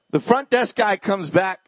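A man's voice: high-pitched, dry recording. A man preaching a humorous, story-filled sermon, joking with and questioning the congregation. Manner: humorous, animated, talks to the congregation.

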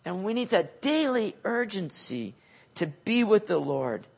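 A male pastor preaching a sermon in a casual, animated, slangy way, swinging between loud and soft. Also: high-pitched, measured pace, vocal fry.

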